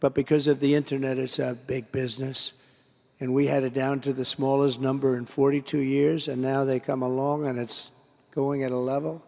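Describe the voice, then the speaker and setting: This political speaker has a medium-pitched, slightly mellow voice with vocal fry, little pitch movement and a normal pace. He delivers a rambling, repetitive, digressive rally-style speech to an association from a podium microphone, the large convention hall giving a long reverb.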